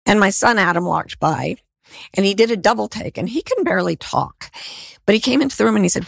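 A middle-aged woman, a guest author and life coach, talking in a soft, soothing way that sinks toward a whisper. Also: mid-range voice, expressive, fast, vocal fry, dry recording, studio quality. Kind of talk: heartfelt interview talk.

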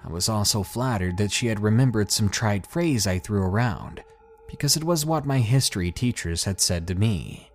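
A man narrating a first-person story in a dramatic, expressive storytelling manner. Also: fairly low pitch, normal speed, slight background noise.

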